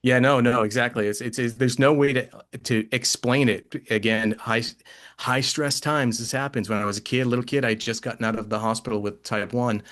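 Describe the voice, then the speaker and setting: A man's voice: medium pitch, steady tone, a little fast, a bit bright. A man telling a personal story in casual talk, rambling and acting out the voices of people he quotes. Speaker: podcast guest, author.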